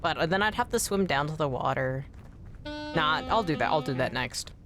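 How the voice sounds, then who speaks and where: Over background music, a woman with lively intonation streams a game and talks to her viewers. Quick to get frustrated, she swears frequently, especially after a miss, with her pitch shooting up when annoyed.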